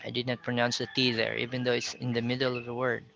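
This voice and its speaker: A man from the Philippines with a Filipino English accent, teaching a pronunciation lesson and slowly modeling example phrases. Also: mid-range voice, completely flat delivery, gravelly, a bit bright, highs cut off, soft background music. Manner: slow, careful model readings of example phrases.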